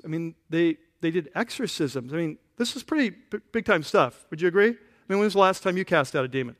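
A pastor giving a conversational sermon, often asking the congregation questions. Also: male voice, on the high side, lively intonation, fast talker, fairly bright tone. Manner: casual, asks the congregation questions.

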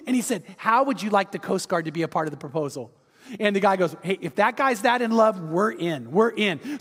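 Male pastor, high-pitched and animated, preaching in a reverberant church hall. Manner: animated storytelling, acts out quotes, urges the audience. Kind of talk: sermon.

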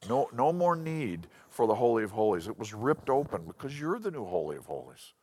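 A man giving a sermon-style Bible lesson, animated and storytelling, often restarting his sentences. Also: medium pitch, fairly quick. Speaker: Bible teacher.

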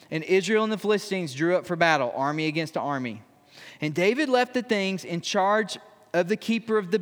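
A man's voice: sits high, a bit bright, in a large hall. A man preaching a sermon. He reads scripture aloud, then explains it in a conversational way with touches of humor. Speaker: pastor.

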